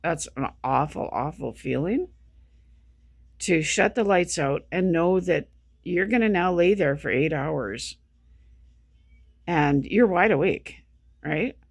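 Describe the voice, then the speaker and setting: Exhausted, rambling vlogger with gravelly fry. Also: mid-range voice, animated, takes it slowly, pauses often, no echo, studio quality. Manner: rambling, repetitive, restarting sentences. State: exhausted and sleep-deprived; feeling sick. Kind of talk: casual vlog monologue.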